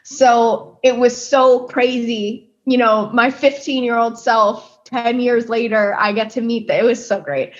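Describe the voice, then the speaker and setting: A woman in her twenties from New Jersey, telling an excited story in casual chat, swearing freely and acting out quotes. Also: fairly high pitch, measured pace, few pauses, muffled recording. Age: 20s. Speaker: guest pastry chef.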